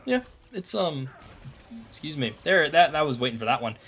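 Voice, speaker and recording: A man giving relaxed, analytical commentary on a live esports match, thinking aloud with frequent fillers and restarts. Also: a little high, normal speed, breathy edge. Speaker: esports caster. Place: broadcast booth.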